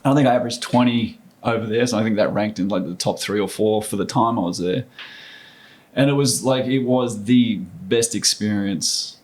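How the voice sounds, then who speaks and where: A middle-aged man, a former basketball player, telling stories as a podcast guest in an animated, casual way. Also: lowish voice, moderate pace. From Australia. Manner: animated storyteller, acts out quoted voices. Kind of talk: casual storytelling interview.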